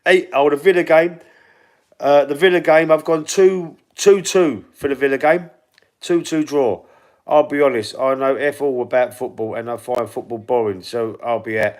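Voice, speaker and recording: With a mid-range, slightly mellow voice at normal speed, a middle-aged Londoner with a Cockney accent runs a football channel livestream. He chats casually, reads viewer comments and predictions aloud, and stumbles and repeats words.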